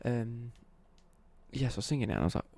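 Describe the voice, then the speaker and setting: A man's voice: medium pitch, animated, fairly quick, gravelly, mellow, slight background noise. A young man, chatting casually on a live stream, rambling, correcting himself and swearing lightly as he answers viewer questions. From East Midlands, England.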